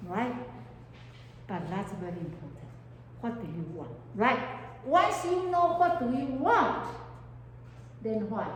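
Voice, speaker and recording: A woman with a fairly high voice gives a counseling lecture, often stopping to ask her class questions. Her English has non-native phrasing. She sounds a long way from the microphone, in a hall with strong reverberation. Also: lively intonation, slow pace, pauses often. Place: lecture room with students. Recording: echoey hall, mic far off.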